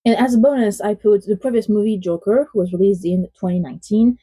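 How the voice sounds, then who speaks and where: A woman's voice: mid-range voice, fast, mellow, husky, low-quality recording. A woman from France with a French accent, a native French speaker, giving a casual, chatty film review in English with lots of fillers. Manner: chatty and rambling, many "like" fillers.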